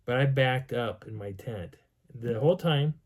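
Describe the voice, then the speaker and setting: A man telling a personal outdoor story in an animated way, acting out sounds and voices. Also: medium pitch, unhurried, very noisy. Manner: lively, acts out sounds and dialogue. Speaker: vlogger telling a field story.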